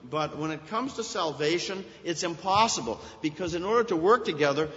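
A man's voice: fairly high pitch, lively intonation, brisk, fairly bright tone. Earnest man preaching in echoing church. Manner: earnest expository preaching, rising emphasis on key points. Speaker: pastor. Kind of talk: sermon. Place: church sanctuary. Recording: dull sound with long church reverb.

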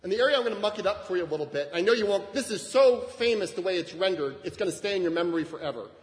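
A man with a fairly high voice preaches a sermon, talking to the congregation in a chatty, conversational way. His voice rings out with a long reverb through a church sanctuary. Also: rapid-fire. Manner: conversational, frequent "right?" asides, lively shifts in emphasis. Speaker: pastor.

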